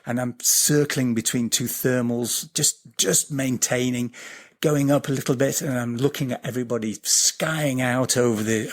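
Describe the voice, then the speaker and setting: On a podcast, a male guest tells an animated story in a gravelly, husky, middle-pitched voice. He swears freely, repeats words and restarts, circling back and slowing down to draw out the tense moments of his vivid tale.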